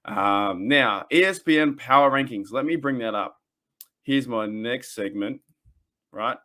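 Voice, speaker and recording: A man's voice: medium pitch, unhurried, bright, forceful tone. An Australian man in his thirties hosting a casual sports fan podcast, ranting in a rambling, heated way with frequent restarts. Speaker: podcast host.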